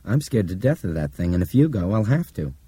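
A man's voice: low voice, very animated, brisk, warm tone, breathy edge, pitched above the performer's own voice, full character voice. A man voicing a nervous, polite boy violinist who talks earnestly and apologetically in an audiobook.

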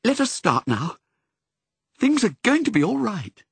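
A man doing a gentle mother Dalmatian. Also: on the high side, huge pitch swings, normal speed, slightly rough, no room sound, pitched above the performer's own voice, full character voice. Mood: calm. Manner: gentle, bright and reassuring. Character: calm, kindly mother Dalmatian dog.

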